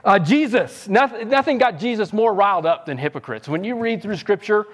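Pastor, middle-aged man, casual storytelling sermon with self-mocking humor, voice sits slightly high. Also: animated, moderate pace. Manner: conversational, self-deprecating storytelling with playful impressions. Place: church sanctuary.

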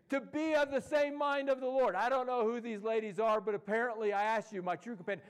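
A male pastor preaching a sermon in an animated, folksy way, acting out quotes. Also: high voice.

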